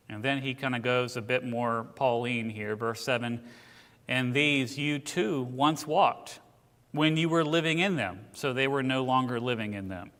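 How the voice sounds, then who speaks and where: A man's voice: mid-range voice, fairly bright tone. Man teaching Bible class in a reverberant hall. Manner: conversational storytelling with asides. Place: church classroom. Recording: church hall with long reverb.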